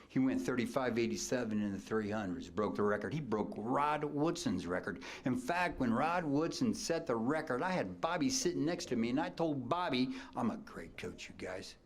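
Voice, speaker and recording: A man in his sixties with a Midwestern American accent, a coach giving a storytelling hall of fame acceptance speech from a podium, dropping to whispers and bursting out loud. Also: mid-range voice, animated, moderate pace, few pauses. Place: banquet hall at a ceremony.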